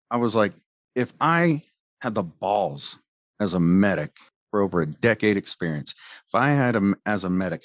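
A man's voice: deep voice, dry recording, studio quality. A man who was a medic tells a heated, profane personal story, rambling and swearing as he goes. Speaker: former medic telling his story. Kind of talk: angry personal account.

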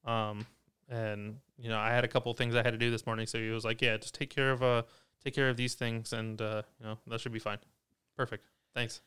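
A man's voice: medium pitch, little pitch movement, brisk, fairly bright tone, smooth. A man in casual podcast chat, venting with lots of swearing. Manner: venting, profane, emphatic. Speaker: podcast co-host.

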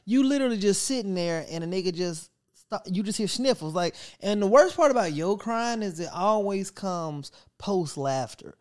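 A woman telling a joking story on a podcast couch, with a mid-pitched voice that swings widely up and down. She acts out her own inner thoughts as she goes, and her delivery is playful and animated. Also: moderate pace. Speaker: podcast co-host. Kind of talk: casual chat.

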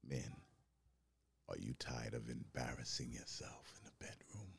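A man voicing a deep-voiced male announcer giving a smooth commercial pitch. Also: very animated, a little slow, exaggerated voice. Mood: salesy.

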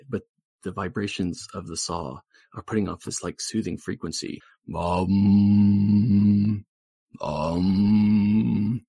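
A man's voice: on the low side, vocal fry, slightly rough, dry recording. A man riffing crude, rambling improvised comedy banter.

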